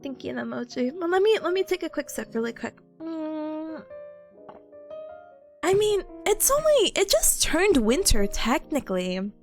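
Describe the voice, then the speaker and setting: Bubbly high-pitched woman streamer. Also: very animated, unhurried, soft background music. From United States. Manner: bubbly, giggly, greets chat by name. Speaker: livestreamer. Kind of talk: casual chat with viewers.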